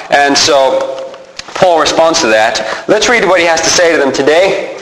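A man preaching a sermon as pastor, animated and emphatic, often repeating himself as he stresses a point. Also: on the high side, normal speed, a little hiss or hum. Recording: echoey hall with long reverb.

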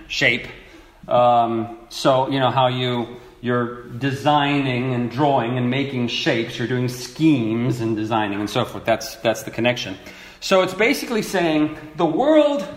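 Male preacher, unhurried and expressive, emphatic repetition, recorded with room echo. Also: mid-range voice. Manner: slow, lively teaching with emphatic repetition. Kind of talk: sermon.

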